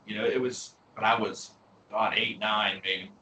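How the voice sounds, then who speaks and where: A man hosting a podcast, chatting casually in a relaxed way and often repeating words as he starts a thought. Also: on the low side, normal speed. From United States. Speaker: podcast host. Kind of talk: casual chat. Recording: roomy sound, distant from mic, faint noise.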